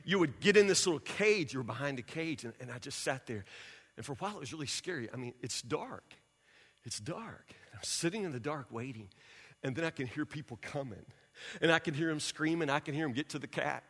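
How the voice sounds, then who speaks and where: High, bright-voiced pastor preaching in a hall. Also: male voice, a little fast, husky. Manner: animated storyteller, acts out scenes, drops to quiet intensity. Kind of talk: sermon with personal storytelling. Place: church sanctuary. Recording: reverberant hall.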